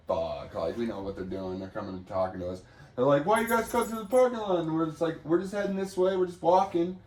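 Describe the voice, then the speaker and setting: Guy telling a funny story, acts out voices, laughs a lot, echoey room w/ a bit of hiss. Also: medium pitch. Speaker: podcast co-host. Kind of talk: casual storytelling chat.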